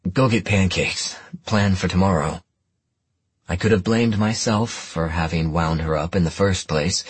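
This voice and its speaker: A man narrating a first-person story in a measured, even way on a close studio mic. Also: low-pitched, slightly rough, no echo. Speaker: audiobook narrator.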